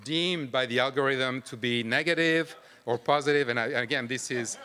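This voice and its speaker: Man, conference talk, clear resonant voice, halting with fillers, long hall reverb. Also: medium pitch, sharp tone. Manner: hesitant, many fillers and restarts. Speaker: presenter. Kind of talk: conference presentation. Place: large lecture room. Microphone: microphone.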